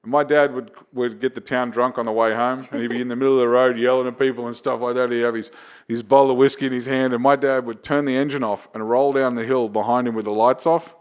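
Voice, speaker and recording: A man, a comedian chatting on a podcast and telling lively, profane anecdotes. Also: medium pitch, fast, clean tone. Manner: animated, profane anecdotes with acted-out quotes. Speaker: comedian and open mic host. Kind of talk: casual podcast storytelling.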